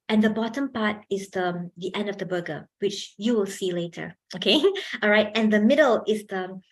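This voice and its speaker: Woman running a public speaking workshop, chatty and upbeat, laughs a lot, talks into a handheld mic. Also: medium pitch. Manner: lively and animated, laughs often, asks the audience questions. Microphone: handheld microphone.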